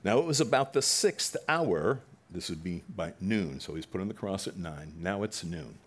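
A male pastor preaching a sermon, reading scripture and retelling it dramatically, with sudden loud bursts for the mockers. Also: deep voice, animated, normal speed.

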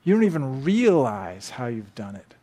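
A man's voice: mid-range voice, very animated, normal speed, warm tone. A man preaching a sermon, telling stories conversationally and acting out quotes with animation. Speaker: pastor. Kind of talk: sermon with storytelling.

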